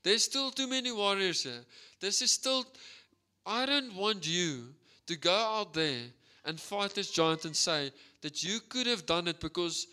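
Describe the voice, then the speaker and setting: A man's voice: high voice, lively intonation, measured pace, bright, forceful tone, clear, resonant tone, full character voice. A man voicing God as a casual, insistent speaker. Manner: casual, insistent, repeating "wait".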